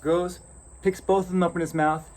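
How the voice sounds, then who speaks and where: A man's voice: high voice, level tone, normal speed. A man telling an improvised folk tale in a loose, chatty way, with asides and restarts. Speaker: storyteller. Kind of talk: improvised oral storytelling. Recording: outdoor recording with loud crickets.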